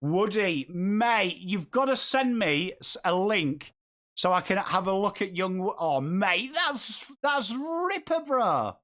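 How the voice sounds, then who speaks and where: A man's voice: high-pitched, animated, slow, a bit bright. English guy live streaming footy, chatting to viewers in the comments, casual and rambling. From England. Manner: chatty, reads and answers viewer comments while calling the play. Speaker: host of a live footy watchalong.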